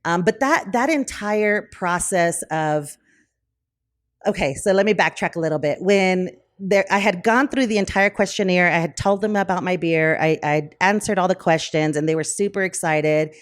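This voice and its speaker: Brewery-owner guest, woman, fairly low voice, chatty and animated, lots of ums. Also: moderate pace. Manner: animated, acts out quoted conversations; frequent fillers like um and you know. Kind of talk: casual interview storytelling.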